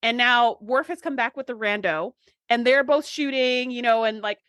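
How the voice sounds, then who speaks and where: A woman's voice: on the high side, moderate pace, clean tone, no echo, clean studio sound. A woman co-hosting a podcast, recapping an episode in casual chat and acting out her own reactions. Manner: animated, acts out reactions. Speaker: podcast co-host.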